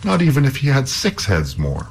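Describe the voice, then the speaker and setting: A man's voice: mid-range voice, wildly swooping pitch, moderate pace, a little hiss or hum, pitched above the performer's own voice. A man reading a folk tale aloud, voicing a fearless young hero who refuses to back down, in a defiant, insistent way. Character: bold, stubborn young male hero.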